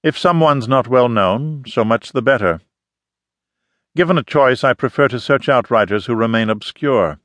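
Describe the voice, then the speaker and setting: A man's voice: medium pitch, moderate pace, fairly bright tone, dry recording, natural voice. A man voicing a blunt woman photographer with a slight foreign accent. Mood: earnest. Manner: formal, emphatic phrasing. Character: intense middle-aged woman photographer, formal, blunt. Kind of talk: audiobook character reading.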